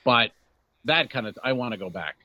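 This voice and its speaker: A man's voice: mid-range voice, lively intonation, moderate pace, bright, forceful tone, no room sound, low-quality recording. A male comedian co-hosting a podcast, brash and sarcastic, swearing freely in casual banter.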